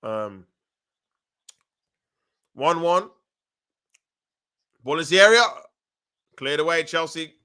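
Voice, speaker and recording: A man giving excitable, emotional live commentary on a football match, groaning and shouting at the action in slangy talk. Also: on the high side, slow, pauses often, clear, resonant tone. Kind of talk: excitable fan watch-along commentary.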